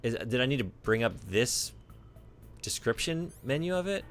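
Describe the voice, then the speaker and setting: A man's voice: mid-range voice, expressive, normal speed, soft background music. A man streaming a video game in casual chat, thinking aloud, rambling and answering his viewers as he plays.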